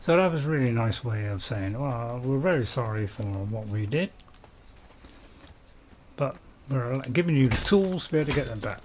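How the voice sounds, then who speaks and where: A man's voice: mid-range voice, expressive, normal speed, a little mellow, slight background noise. A man with a Northern English accent, chatting casually and rambling while streaming a game to viewers. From North England. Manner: chatty, rambling, laughs at his own jokes. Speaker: gaming streamer. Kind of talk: casual gameplay live stream.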